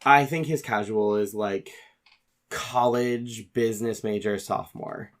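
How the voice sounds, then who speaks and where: A man's voice: on the low side, measured pace. A man narrating his character's actions in an actual-play tabletop game, casual and descriptive with frequent fillers. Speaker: player.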